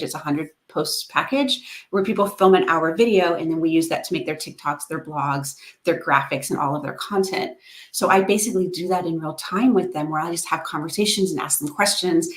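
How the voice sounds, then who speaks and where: Woman, slightly low voice, upbeat, encouraging, laughs often, video call audio. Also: brisk. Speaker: guest, content coach. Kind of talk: casual interview chat.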